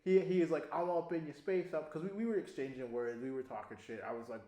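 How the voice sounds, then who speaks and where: A young man casually telling a long story on a podcast, animated, laughing often and swearing freely. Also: medium pitch, fast, hardly any pauses. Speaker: podcast co-host. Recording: echoey room.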